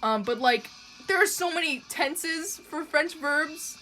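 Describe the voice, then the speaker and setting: A young woman from Canada talks casually to her stream chat while drawing, her voice sitting a little high. She rambles, swears freely and laughs easily, with faint music playing underneath. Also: animated, slow pace, bright, forceful tone. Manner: chatty, profane, laughs often, trails off with ums. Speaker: livestreamer drawing and reading chat.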